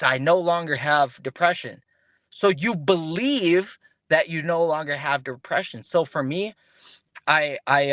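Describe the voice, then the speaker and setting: On an interview podcast, a male guest chats in a loose, lively way, frequently starting sentences over and imitating the voices of people he quotes. His pitch sits in the middle, and there's no echo.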